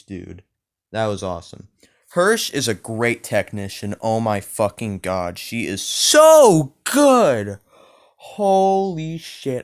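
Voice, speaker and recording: A man's voice: medium pitch, clean tone. A man giving a casual, profane wrestling show review in a vlog, often slipping into rants.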